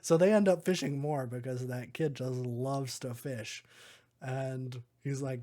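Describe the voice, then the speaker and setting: A man's voice: medium pitch, fairly even intonation, measured pace, dark tone. A man hosting a podcast, casually recapping a movie in a rambling way, chuckling often and filling his talk with "like". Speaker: podcast host.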